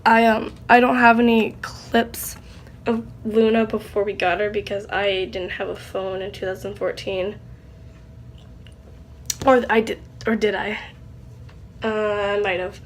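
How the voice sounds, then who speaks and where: A young woman, likely a teen, talking in a casual vlog, rambling and halting with many fillers, tearful with a stuffy nose. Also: mid-range voice, level tone, a little hiss or hum. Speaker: channel host.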